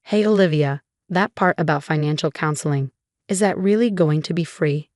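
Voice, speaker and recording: A woman's voice: low voice, normal speed, darkish tone, no echo, studio quality, natural voice. A woman narrator voicing an awkward, sheepish young man in a spoken story. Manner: hesitant, embarrassed.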